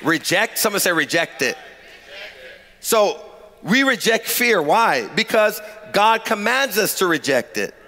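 A man preaching a sermon as pastor, using call-and-response and swinging from shouted lines to quiet asides. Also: high-pitched, big pitch swings, measured pace, big-room sound, some chatter behind.

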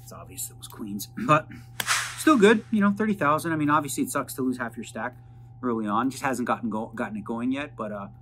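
A man's voice: medium pitch, animated, fairly quick. A man casually narrating a vlog, chatting through poker hand breakdowns in a rambling, jargon-filled way. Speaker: poker player vlogger. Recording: noisy background.

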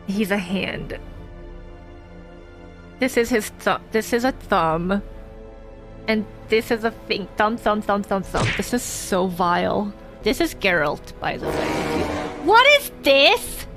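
A young woman streaming a game, chatting playfully, giggling and bursting into shouts and swearing as she plays. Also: medium pitch, slow, faint music behind. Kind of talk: casual gameplay livestream chat.

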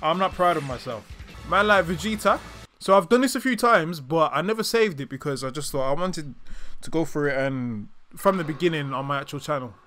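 A woman's voice: sits low, animated, a little fast, a bit bright. A woman doing playful, joking gameplay commentary as a gaming channel host. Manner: joking, bantering, breaks into silly song. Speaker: gaming YouTuber. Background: game music.

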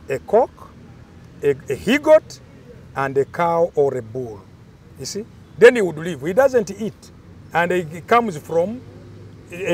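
A man's voice: sits high, slight background noise. An older man, explaining cultural traditions in an emphatic, storytelling way during an interview.

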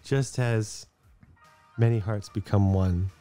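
A man's voice: fairly low pitch, steady tone, takes it slowly, dark tone, soft background music. Laughing man in comedy banter. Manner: laughing, questioning, follows along. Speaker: podcast co-host.

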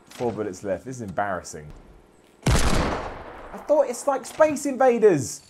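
A man's voice: medium pitch, wildly swooping pitch, a little slow, heavy background noise. A man giving self-deprecating, sweary commentary while playing a video game. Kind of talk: gameplay commentary.

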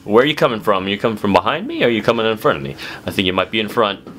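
A man commentates a horror game let's play for his viewers, lurching from low muttering to sudden yelping shouts. His pitch swings widely and he talks at a racing pace, with a little hiss or hum in the audio.

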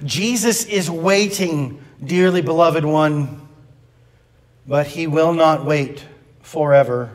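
A man's voice: on the high side, takes it slowly, big-room sound. A man preaching a sermon to his congregation, earnest, with wry asides. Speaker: pastor. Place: church sanctuary.

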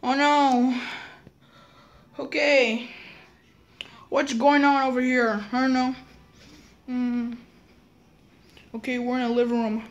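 Playful woman rambling into her phone mic, high-ish voice, keeps saying okay. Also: little pitch movement, takes it slowly, pauses often, muffled recording. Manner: rambling, playful, repeats itself, often says okay. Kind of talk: playful rambling camera-app vlog. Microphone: phone or laptop mic.

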